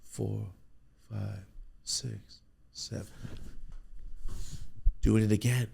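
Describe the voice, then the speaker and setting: Podcast host, male, low gravelly voice, husky, profane and excitable storyteller. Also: extremely slow. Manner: profane, excitable, acts out his own reactions. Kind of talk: animated storytelling.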